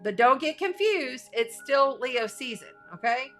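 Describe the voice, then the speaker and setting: Bubbly woman, bright gushing voice. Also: high voice, expressive, unhurried, soft background music. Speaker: astrology show host. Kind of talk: casual livestream giveaway chat.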